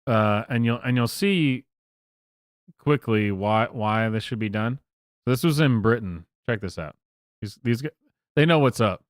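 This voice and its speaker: A man's voice: mid-range voice, measured pace, dry recording. A man streaming live, rambling through profane commentary with many fillers and restarts. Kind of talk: casual livestream commentary.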